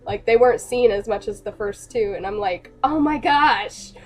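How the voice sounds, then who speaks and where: A young adult woman in a casual, rambling rant to camera, excitable and quick to laugh. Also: medium pitch, soft background music. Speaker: animator and vlogger.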